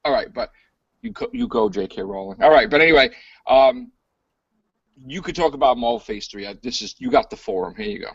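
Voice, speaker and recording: A man hosting a casual podcast chat, animated and joking, with a gravelly voice. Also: fairly quick, no echo, lo-fi sound. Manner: animated, jokey, slips into goofy high voices. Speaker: podcast host.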